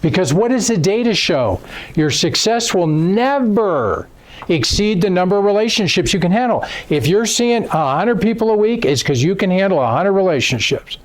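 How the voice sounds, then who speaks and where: A man giving a seminar lecture who tells stories and acts out quotes in an animated, emphatic way. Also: sits high, moderate pace. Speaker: seminar speaker. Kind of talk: lecture with storytelling. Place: seminar room.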